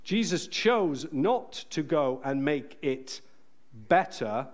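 A man preaching a sermon in a church, earnest and emphatic, slowing down to stress key phrases. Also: on the high side, animated.

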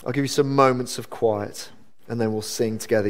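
A man's voice: medium pitch, a little fast. Earnest man preaching. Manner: earnest, conversational preaching with restarts and lively rises. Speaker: pastor. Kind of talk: sermon. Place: church.

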